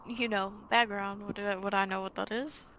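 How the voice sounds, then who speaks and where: Bright-voiced blunt woman player. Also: mid-range voice, fairly even intonation, moderate pace, slight background noise. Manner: blunt, offhand. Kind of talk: casual game table chat.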